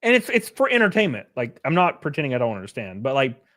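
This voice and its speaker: Hosting his own livestream at a quick pace, a man rants casually, rambling and swearing while chuckling frequently. His mid-range voice swoops wildly in pitch, and his volume swings between loud bursts and quiet mutters.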